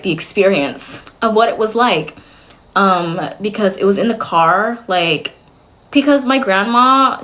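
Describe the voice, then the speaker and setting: A woman's voice: medium pitch, fairly bright tone. A young woman talks loosely to her stream audience in a rambling, conversational way. She leans heavily on fillers and slips in nervous laughs between her thoughts. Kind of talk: casual stream chat.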